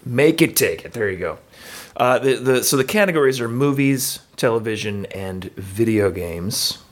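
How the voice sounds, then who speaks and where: A man's voice: medium pitch, animated, normal speed. A man hosting a game segment in casual podcast chat, hesitant with many fillers as he explains the rules.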